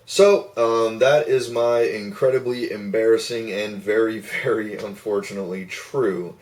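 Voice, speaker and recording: A man telling a personal story to camera in a casual, rambling way, swearing freely and getting animated. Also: fairly low pitch, measured pace, distant mic, slight background noise.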